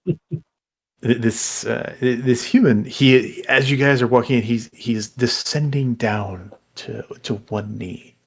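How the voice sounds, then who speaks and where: Man, game master, husky voice, halting narration, mid pitch. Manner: halting, full of fillers and restarts.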